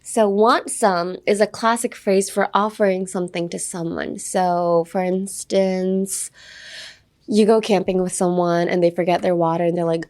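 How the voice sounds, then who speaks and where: A woman's voice: fairly low pitch, fairly even intonation, moderate pace, a little mellow. Young woman host, casual lesson podcast, playful and chatty, lots of "like" and "um", slips into Japanese now and then. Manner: chatty, playful, full of fillers like "like" and "um"; switches between English and Japanese. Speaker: English teacher host.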